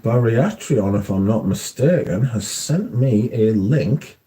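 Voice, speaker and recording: A man's voice: on the low side, lively intonation, measured pace, dark tone, husky. A British man hosting a livestream, chatting casually and reading out viewer comments, swearing freely. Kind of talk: casual chat.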